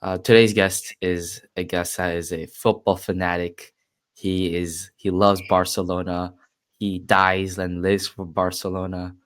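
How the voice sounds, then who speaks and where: A man's voice: deep voice, flat delivery, measured pace, over music. A teenage man hosting a casual podcast interview, chatty and full of fillers, talking with a voice he says he has lost. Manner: chatty, filler-heavy, upbeat welcomes. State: lost his voice. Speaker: podcast host.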